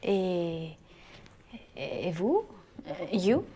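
Shy french girl, halting english, mellow and slow. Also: lowish voice, sing-song, breathy edge, exaggerated voice. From France. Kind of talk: film drama acting.

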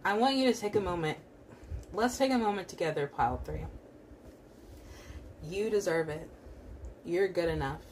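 Young female tarot reader, lower register, casual and reassuring, lots of affirmations. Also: expressive, normal speed, pauses often, darkish tone, slight background noise. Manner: encouraging, repetitive affirmations; casual with frequent fillers. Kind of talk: pick-a-card tarot reading.

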